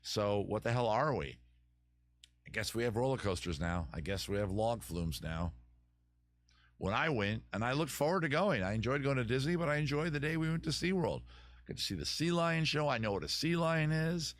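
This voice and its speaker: A man's voice: mid-range voice, animated, fairly quick, no room sound. A middle-aged man hosting a casual live stream, answering viewer comments in a rambling way, often restarting sentences and swearing casually.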